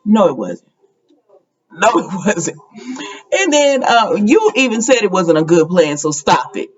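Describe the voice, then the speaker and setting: A woman's voice: mid-range voice, very animated, moderate pace, far from the mic, highs cut off. A woman recapping a soap opera episode in a casual, opinionated way, laughing as she retells the scenes.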